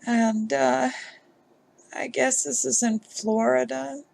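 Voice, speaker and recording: A woman vlogger giving emotional commentary on a news story, upset and halting, with sighs. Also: sits high, fairly even intonation, creaky, a little mellow, a little hiss or hum.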